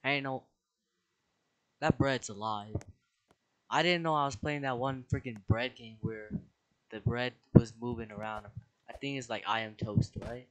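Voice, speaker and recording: A young man giving casual let's play commentary, excitable, with dramatic outbursts, squeals and slang. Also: mid-range voice, moderate pace, low-quality recording. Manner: slang-heavy casual talk. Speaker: gaming video creator.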